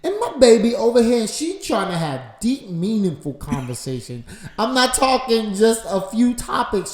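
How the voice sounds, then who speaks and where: Man, podcast co-host, animated storyteller, laughs a lot, echoey room. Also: sits high, moderate pace. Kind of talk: casual married-couple chat.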